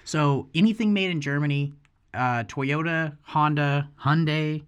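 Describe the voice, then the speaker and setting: A man's voice: a little high, a little slow, a bit bright, clean tone, dull audio. A young man who owns a tattoo shop, chatting casually on a podcast and telling rambling, profane stories with acted-out quotes.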